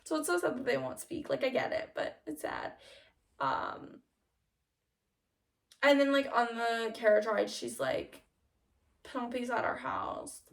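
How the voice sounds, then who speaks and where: A young woman vlogger chatting casually and gushing about a show, with lots of fillers and quick laughs. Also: on the high side, big pitch swings, creaky, distant mic. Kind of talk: casual chat.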